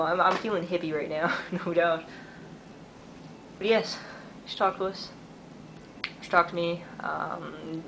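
A young man in his twenties from Canada talks excitedly in a casual video diary, using lots of "like" fillers. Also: on the high side, vocal fry. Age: 20s. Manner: chatty and excitable, many "like" fillers. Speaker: vlogger and artist. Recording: noisy background.

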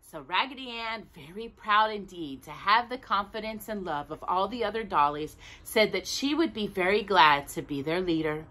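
A woman reading a children's storybook aloud as a storyteller, with an expressive delivery. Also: mid-range voice, moderate pace, few pauses. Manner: animated, expressive.

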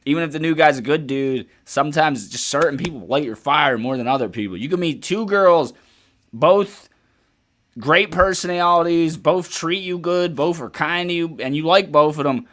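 A man's voice: fairly high pitch, normal speed. A man hosting a music reaction video, chatting casually and profanely as he reacts to a song. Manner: relaxed, profane, chatty, thinking aloud. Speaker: music reaction channel host.

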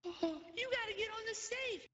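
A woman chatting casually and excitedly chiming in on a story. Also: very high voice, moderate pace, muffled recording. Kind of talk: casual chat.

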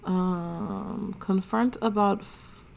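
A woman's voice: medium pitch, steady tone, very slow, vocal fry, darkish tone, slight background noise. A woman, giving slangy, chatty commentary as she plays a life-sim game. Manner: chatty, slangy, narrates characters' thoughts. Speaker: gaming channel host. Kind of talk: casual let's play commentary.

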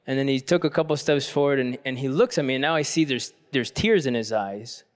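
Priest guy giving a youth conference talk, earnest storytelling, mid pitch, gets fired up preaching. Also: brisk. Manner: personal storytelling, reflective and earnest; rises to a fervent pitch when preaching. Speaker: Catholic priest.

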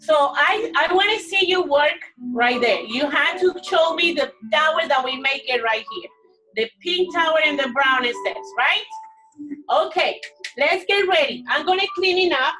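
High-voiced lady teacher talking slow to little kids online, sounds far off from the mic, some music behind. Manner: animated, coaxing and praising, simple non-native-sounding phrasing. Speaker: preschool teacher. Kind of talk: online class instructions to young children.

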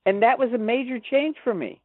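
A woman's voice: a little high, fairly quick, breathy edge, dry recording. Older woman on a tinny phone line. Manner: animated, acts out quoted dialogue. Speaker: guest. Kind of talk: personal storytelling in an interview.

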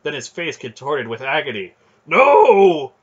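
Husky male fantasy audiobook narrator. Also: medium pitch, moderate pace, lo-fi sound. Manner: steady storytelling narration. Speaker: audiobook reader.

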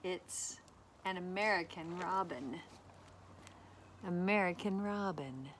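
A woman's voice: lowish voice, slow, a bit bright, a little hiss or hum. A woman teacher giving a cheerful, sing-song lesson to children outdoors by a fire pit, inviting them to repeat after her.

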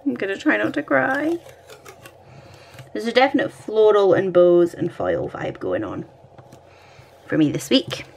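Scottish woman, home crafting vlogger, chatty and self-mocking, animated pitch. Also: a little slow, creaky, long pauses, slightly rough. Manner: chatty, thinking aloud, self-deprecating. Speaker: planner vlogger. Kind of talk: casual chat while decorating a planner.

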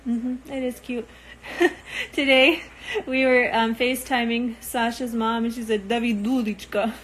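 A woman's voice: fairly high pitch, flat delivery, normal speed, fairly bright tone, slight background noise, poor audio. A young woman chatting casually with viewers, loose and rambling with frequent ums, sounding tired. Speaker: reality show cast member talking to viewers.

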